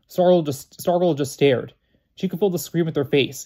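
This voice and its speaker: A man reads a novel aloud in a plain, unpolished way. His voice sits a little higher than most men's. He often trips over words and goes back to restart them. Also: moderate pace, warm tone. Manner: plain reading with frequent slips and restarts. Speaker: reader.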